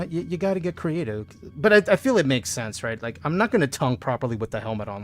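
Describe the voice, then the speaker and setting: A man's voice: mid-range voice, sing-song, fast talker, hardly any pauses, soft background music. A man streaming a game, joking around playfully and reading out viewer messages. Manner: playful, jokey, reads chat aloud. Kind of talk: casual gaming stream chat.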